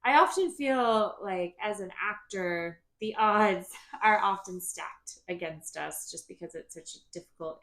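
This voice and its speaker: A woman's voice: on the low side, creaky, fairly bright tone. A woman hosting a health and wellness podcast, a yoga instructor asking her guest curious questions. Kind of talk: podcast interview.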